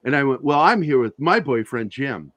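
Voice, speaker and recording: A man who is a guest on an interview show, telling profane, animated anecdotes with a lot of laughter in casual conversation. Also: mid-range voice, moderate pace, no echo. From Virginia, USA. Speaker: interview guest, comic creator. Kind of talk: casual storytelling.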